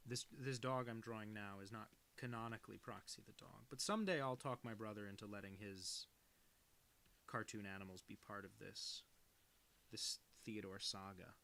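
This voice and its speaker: Cartoonist on a live stream, casual rambling talk, self-deprecating, laughs easily. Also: male voice, lowish voice, creaky, fairly bright tone. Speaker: cartoonist streaming his work. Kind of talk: casual live-stream chat while drawing.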